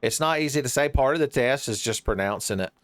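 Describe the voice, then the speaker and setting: Male let's-player, smooth clear voice, average pitch, rambling deadpan jokes with frequent laughs. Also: fast, no room sound. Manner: wry, rambling, laughs often at his own jokes. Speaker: streamer playing a horror game. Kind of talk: joking gameplay commentary.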